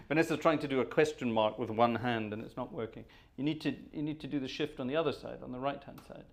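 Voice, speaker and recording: A middle-aged British man with a posh accent, hosting a relaxed organ music livestream in a rambling, chatty way and chuckling at his own asides. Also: mid-range voice, fast talker. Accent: posh British English. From Britain. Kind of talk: casual livestream chat between organ pieces. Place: organ room.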